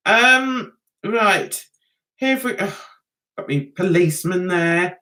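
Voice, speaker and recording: Bright, lively older woman chatting. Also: medium pitch, slow. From England. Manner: chatty, giggly, rambling. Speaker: livestream host. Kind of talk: casual livestream chat.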